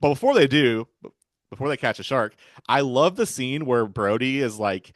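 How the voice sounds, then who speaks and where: A man's voice: medium pitch, lively intonation, normal speed, dry recording, clean studio sound. A man in casual podcast chat about a film, retelling scenes and acting out the characters' lines. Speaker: podcast guest.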